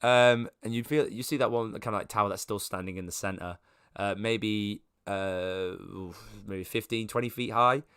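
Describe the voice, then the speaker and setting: A man runs a tabletop game in a low, unhurried voice, padding his descriptions with ums and likes. The sound is dry and close, with no room around it. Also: smooth, no echo. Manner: relaxed, filler-heavy describing. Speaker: game master.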